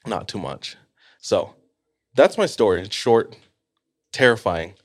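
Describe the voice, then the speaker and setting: Guy with a lowish voice, laid back, hedges a lot, podcast story chat. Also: slow pace. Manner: relaxed, hedging, laughs often. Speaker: podcast co-host. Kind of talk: casual chat, telling a story.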